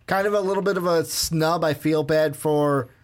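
On a relaxed movie review podcast, one co-host rambles, leans heavily on "like," and dramatizes scenes while recounting them. He speaks at a moderate pace, his fairly high voice staying fairly even in intonation.

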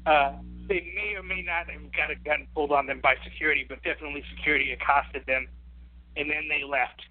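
A man's voice: on the high side, steady tone, fast talker. A man co-hosting a casual podcast chat, rambling with frequent restarts and stammers. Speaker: podcast co-host. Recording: tinny phone-like line.

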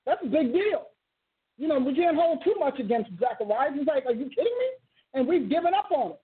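A woman preacher and teacher delivers a passionate sermon in a high, expressive voice at a fairly quick pace. She repeats and rephrases herself and bursts into sudden exclamations, and the audio sounds tinny, like a phone.

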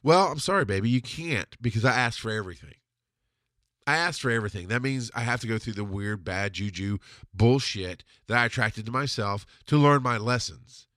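A man telling a personal story in a blunt, profane, confessional monologue, dropping to a murmur and then bursting out loudly. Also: moderate pace, no echo. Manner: blunt and profane, swings from low murmur to loud outbursts. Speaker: podcast host answering a listener question.

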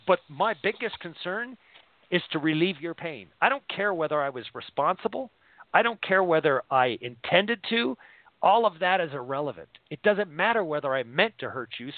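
Discussing scripture as host of a casual faith show, a man speaks earnestly in a rambling way, frequently repeating words as he works through his thoughts. His pitch is on the high side, and the dry recording has a tinny phone-line quality.

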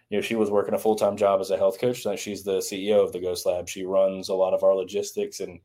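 A man in his thirties answers interview questions in an earnest, reflective way. His voice sits very low. He speaks in an even, level tone. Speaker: baseball trainer and former strength coach. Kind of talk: casual interview talk.

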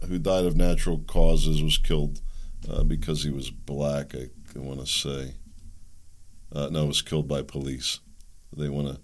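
Man, very low gravelly voice, solo commentary host, musing, hedging, thinking out loud. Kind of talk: political commentary monologue.

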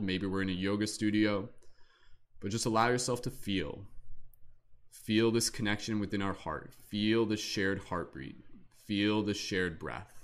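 A man with a deep, low voice leads a guided meditation on a livestream. He speaks slowly and soothingly, in a gentle guiding tone. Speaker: meditation leader and show host.

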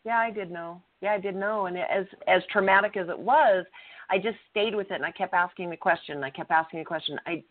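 A woman's voice: lowish voice, moderate pace. A middle-aged woman co-hosting a talk show, telling a personal story in an earnest, blunt way and swearing freely. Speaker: co-host. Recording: tinny phone-line audio.

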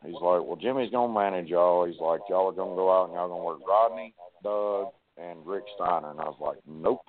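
Male guest, low voice, animated and profane storyteller, phone-quality audio. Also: a little fast. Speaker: wrestler guest. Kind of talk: casual storytelling on a podcast. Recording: tinny phone-like line.

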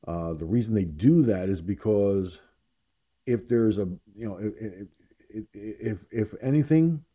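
Slow, low-voiced man hosting talk radio. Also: animated. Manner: rambling, self-amused, chuckling asides. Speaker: radio show host. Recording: muffled lo-fi internet radio audio.

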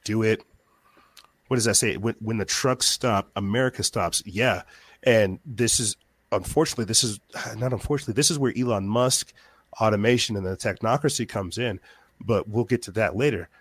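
A man speaking as a guest on a talk show, talking quickly, repeating words as he gets fired up. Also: fairly low pitch, breathy edge, no room sound. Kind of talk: podcast interview.

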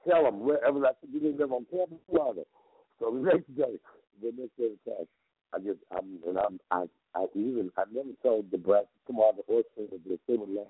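A radio show's guest vocal coach, on a phone line with no echo, talks briskly with a breathy edge. His long story is told emphatically and repetitively, with jumps between pitch levels.

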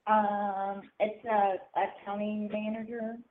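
Quiet woman caller on the phone. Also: medium pitch, flat delivery, slow. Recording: tinny phone line.

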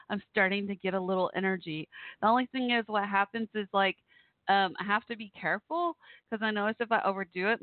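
A woman's voice: medium pitch, no echo. Woman, weak voice after flu, chatty radio host, tinny phone-like sound, dry. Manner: chatty, affectionate, addresses listeners directly. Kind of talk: casual chat with listeners.

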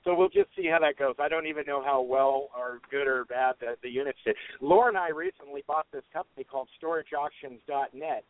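A man's voice: mid-range voice, big pitch swings, fairly quick, few pauses, no room sound. A man auctioneer telling folksy, joking stories in a casual interview. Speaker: auctioneer guest. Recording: tinny phone line, dry.

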